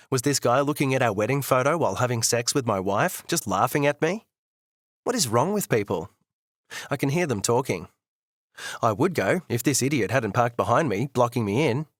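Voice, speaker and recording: A man narrating a first-person audiobook in an expressive, bitter, candid way. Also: mid-range voice, a little fast, dry recording, studio quality.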